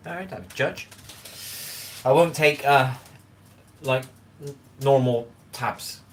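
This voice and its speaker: Slow and mid-range, this man's voice carries over slight background noise. He livestreams from his kitchen at home, rambling chattily as he cooks and tidies, talking right to the viewers in chat and occasionally swearing bluntly.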